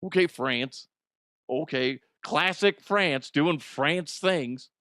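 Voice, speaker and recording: A middle-aged man hosting a comedic podcast monologue, telling stories animatedly and jumping into loud high exclamations. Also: slow pace, no echo, clean studio sound. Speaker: podcast host.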